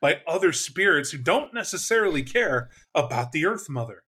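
A man talking casually about tabletop role-playing games with a bright, forceful edge to his voice. His pitch sits a little high for a man. He is animated and breaks into quick acted-out bursts as he talks. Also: slightly rough.

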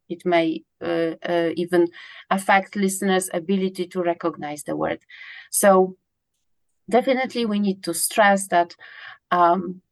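A woman's voice: on the low side, vocal fry, no echo. A woman researcher answering interview questions in a hesitant way, with many fillers and restarts. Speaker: guest, pronunciation researcher.

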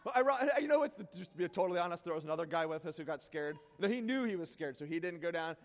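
Animated, self-mocking male pastor with a high voice; sermon story in a hall with long reverb. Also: fast talker. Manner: animated, self-deprecating, bursts into shouts.

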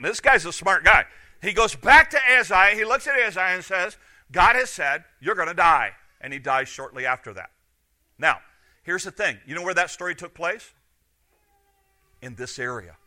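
A middle-aged man preaching a sermon, retelling scripture stories in an animated way and acting out the quotes. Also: sits high. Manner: animated, acts out quoted lines. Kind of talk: sermon storytelling.

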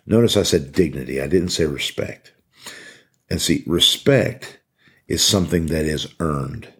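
A middle-aged man with a very low, husky voice gives a motivational talk. He speaks earnestly and with emphasis, repeating his key points to drive them home. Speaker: podcast host speaking to corrections officers.

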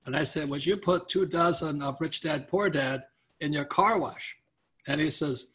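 A man being interviewed as a guest author, telling a story with lively quotes of the people in it. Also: a little high, normal speed.

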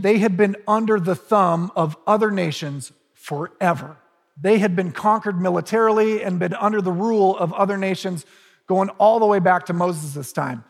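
High-voiced husky male preacher. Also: long reverb tail. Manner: conversational storytelling with humorous asides. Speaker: pastor. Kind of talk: sermon.

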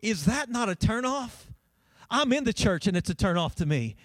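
A man's voice: sits high, very animated, normal speed, no room sound. A male pastor, preaching a sermon in a playful storytelling way and calling out to his congregation. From Kentucky.

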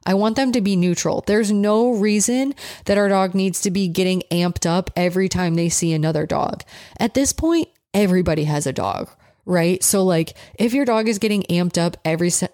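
A woman dog trainer talks through her advice in a frank, direct, conversational way. Her voice sits a little low, and the sound is close and dry with no room echo. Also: darkish tone. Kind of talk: casual advice monologue.

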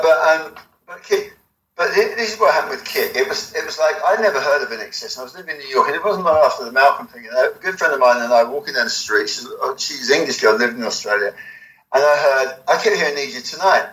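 A middle-aged man telling a rambling, animated story in an interview, swearing freely. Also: medium pitch, quick pace. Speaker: album cover designer, guest. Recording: echoey room.

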